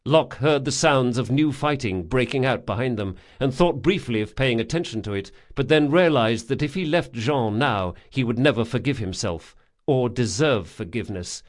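A man reads a fantasy novel aloud in a steady, dramatic narration. His voice sits in an ordinary middle register, with measured pacing through the action. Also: mid-range voice. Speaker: audiobook narrator.

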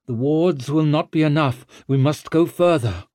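A man voicing a solemn witch healer who speaks in measured riddles. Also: a little high, warm tone, no room sound, studio quality, pitched above the performer's own voice, close to an everyday voice.

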